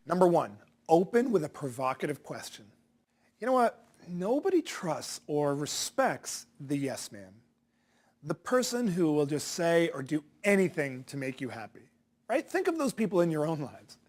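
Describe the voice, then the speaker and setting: Man coaching with a lively, swinging pitch. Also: a little slow. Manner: direct, punchy, rhetorical questions. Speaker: sales coach. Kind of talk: instructional talk to viewers.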